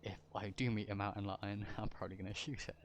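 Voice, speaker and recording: A man's voice: fairly low pitch, flat delivery, fast talker, a little hiss or hum. A man casually commenting while streaming a game, chatty and joking as he talks to his chat.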